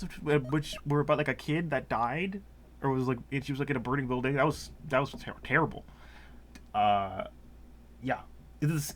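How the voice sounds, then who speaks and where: A man's voice: fairly high pitch, sharp tone. A man doing let's play commentary, rambling and joking as he plays and laughing often. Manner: rambling, jokey, quick to laugh. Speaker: gameplay commentator.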